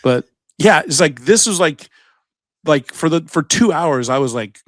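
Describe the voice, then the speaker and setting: A man's voice: a little high, animated, measured pace, fairly bright tone, no room sound. A man co-hosting a podcast in a studio, telling a rambling story in casual chat, with plenty of swearing. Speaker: podcast co-host.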